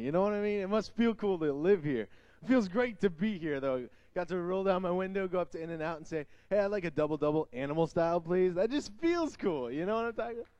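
A young man giving an energetic youth sermon, telling stories and acting out quotes. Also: sits high, no echo, highs cut off. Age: young adult. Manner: animated storytelling, acts out quotes. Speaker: youth speaker.

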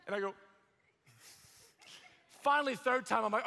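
A young man preaching a sermon, telling a personal testimony with animated storytelling, acting out voices and shouting at the high points. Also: moderate pace, pauses often, big-room sound.

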